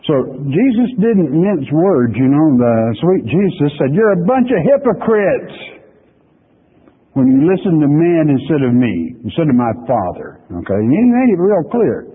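Husky preacher man on tinny radio. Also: a little high, big pitch swings, moderate pace, few pauses. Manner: folksy, emphatic, acts out quoted voices. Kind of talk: radio sermon. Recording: tinny lo-fi radio broadcast with long reverb.

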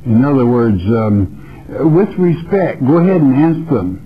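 A man's voice: medium pitch, sing-song, unhurried. Earnest male radio preacher, lo-fi. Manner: earnest, repeats phrases, addresses listener as friend. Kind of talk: radio Bible teaching.

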